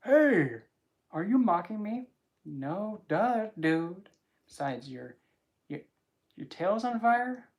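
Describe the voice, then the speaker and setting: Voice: medium pitch, unhurried, darkish tone, lightly acted. Someone putting on a mocking, overdramatic temptress. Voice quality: theatrical, overdramatic sighing. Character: mocking temptress woman taunting a bound man.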